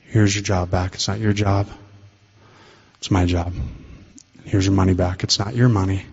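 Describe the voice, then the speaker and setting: A man voicing God, calm and fatherly. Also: low voice, moderate pace, vocal fry, slightly rough, exaggerated voice. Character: God, a calm, fatherly male deity giving things back. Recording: dull lo-fi recording in a reverberant hall.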